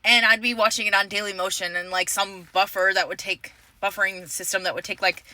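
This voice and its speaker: Chatty woman with a bright voice. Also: medium pitch, steady tone, a little fast, no room sound. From Houston area. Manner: rambling, chatty, self-correcting. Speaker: vlogger. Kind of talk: casual chat to camera.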